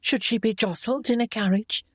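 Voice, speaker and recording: A woman's voice: fairly high pitch, normal speed, no room sound, clean studio sound, pitched above the performer's own voice, natural voice. A man voicing a composed, kind young wife in an audiobook, speaking earnestly. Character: spirited young wife, level-headed and kind. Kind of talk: audiobook character voice.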